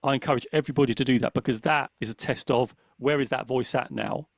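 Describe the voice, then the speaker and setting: A man's voice: mid-range voice, fairly even intonation, quick pace, no room sound. A man co-hosting a podcast, talking earnestly and reflectively in casual chat, often checking in with "right?". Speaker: podcast co-host.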